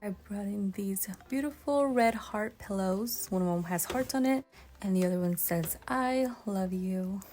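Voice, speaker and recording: A woman's voice: medium pitch, measured pace, a little mellow, soft background music, lightly acted. A woman voicing a cheerful young doll mother, talking sweetly in a toy play video. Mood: content. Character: cheerful young doll mom, upbeat and doting.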